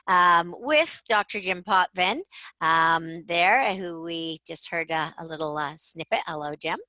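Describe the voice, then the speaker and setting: A woman's voice: mid-range voice, pushed and bright, dry recording. A woman hosting a video-call webinar, introducing a guest in a chatty, conversational way and correcting herself lightly as she goes. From Canada. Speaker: webinar host.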